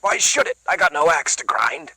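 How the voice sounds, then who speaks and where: A man doing a high-pitched, lazy white-haired drifter. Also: big pitch swings, normal speed, creaky, bright, forceful tone, no room sound, full character voice, poor audio. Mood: indifferent. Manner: loose, lazy, shrugging. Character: small white-haired male fugitive, weak and evasive.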